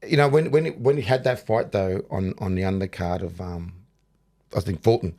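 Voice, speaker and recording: A man's voice: low-pitched, moderate pace, mellow. A middle-aged man with an Australian accent, a boxing coach chatting in an interview, rambling and restarting his sentences. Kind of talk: casual interview chat.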